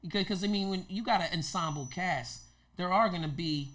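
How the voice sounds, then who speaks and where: A man hosting a podcast in casual chat, animated and repeating himself as he talks. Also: high-pitched, a little fast. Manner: animated, repeats words, says "you know what I mean". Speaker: podcast host.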